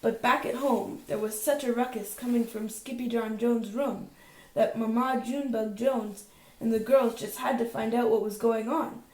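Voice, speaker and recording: Brief: woman reader, bedtime picture book, playful sing-song delivery, high-ish voice, roomy home recording. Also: fairly even intonation, moderate pace, a little mellow, recorded from a distance. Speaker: storybook reader. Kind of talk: bedtime story read-aloud. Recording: echoey home room.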